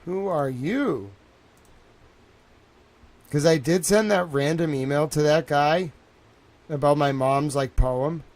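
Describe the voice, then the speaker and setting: Young male streamer talking from home, rambling and worked up, a touch high-pitched. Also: slow pace, long pauses. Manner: excitable, repeats himself, says "bro" and "like" a lot. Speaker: live streamer. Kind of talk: rambling live stream monologue.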